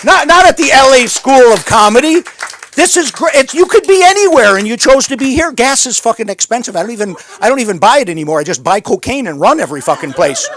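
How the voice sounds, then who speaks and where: Man, comedy host, high animated voice, crowd banter, sardonic. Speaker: open mic host. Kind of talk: stand-up crowd work and hosting. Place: comedy club stage.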